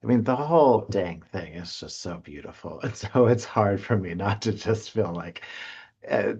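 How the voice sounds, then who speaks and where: A man speaking on a panel in a halting, casual way with many fillers and restarts. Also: lowish voice, muffled recording. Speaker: presenter.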